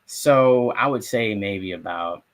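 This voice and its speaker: A man's voice: fairly low pitch, slow. A young man from South Florida, a sports podcast co-host and reporter, telling a story in casual sports talk. He acts out his own reactions and swears freely.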